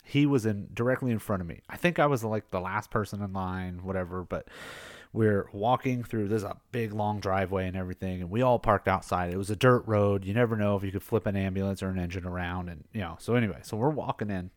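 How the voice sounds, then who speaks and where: Middle-aged guy, ex firefighter, rambling story full of uh and like, lowish voice, dry sound. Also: quick pace, no room sound. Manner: rambling, filler-heavy, laughs at his own story. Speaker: podcast host, former firefighter. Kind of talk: casual spoken storytelling.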